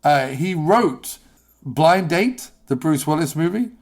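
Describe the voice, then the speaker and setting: A man's voice: a little high, lively intonation, slow pace. A British man hosting a podcast, chatting casually in a rambling, sardonic, jokey way. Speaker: podcast host. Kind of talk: casual chat.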